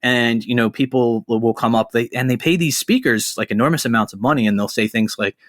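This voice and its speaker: A man's voice: medium pitch, fairly quick, no room sound. Host man, loose casual chatter, swears freely, dry close mic. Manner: animated, profane storyteller. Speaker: podcast host. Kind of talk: casual chat.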